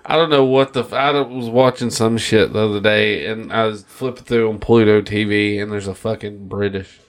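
A man's voice: fairly low pitch, fairly even intonation, moderate pace. A man co-hosting a casual podcast chat, ranting in a crude, profane, sardonic way. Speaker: podcast co-host.

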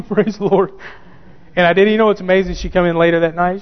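Emphatic preacher with a high voice. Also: male voice, fairly even intonation, fast. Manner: emphatic, repeats key phrases, addresses listeners directly. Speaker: pastor. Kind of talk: sermon. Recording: dull church recording with long reverb.

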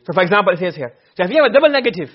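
Quick, husky male grammar teacher. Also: sits high, sing-song. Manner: quizzing students with quick questions. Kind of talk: classroom lesson. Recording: muffled lo-fi classroom recording.

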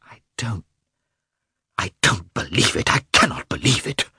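A man's voice: very animated, unhurried, pushed and bright, slightly rough, no echo, clean studio sound, full character voice. A man voicing a distraught, earnest woman who pleads on behalf of her friend, for an audiobook. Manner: pleading, rising into high cries. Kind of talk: audiobook character voice.

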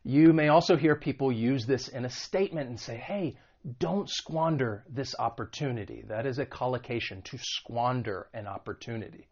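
A man's voice: mid-range voice, a little mellow. Man teaching English words. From United States. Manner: clear, patient, models words slowly. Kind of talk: vocabulary and pronunciation lesson. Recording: dull lo-fi recording.

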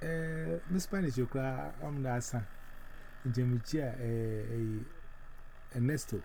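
Guy doing a morning devotion, slow and solemn, mellow low-key tone, slips between english and twi. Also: fairly even intonation, vocal fry, slight background noise, poor audio. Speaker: devotional radio host. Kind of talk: prayer and devotional talk.

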